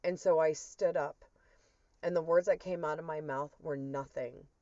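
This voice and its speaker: A woman's voice: deep voice, steady tone, normal speed, warm tone, dry recording. A woman earnestly retelling a personal spiritual experience as a testimony, with emotion in her storytelling. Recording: dull, muffled dry recording.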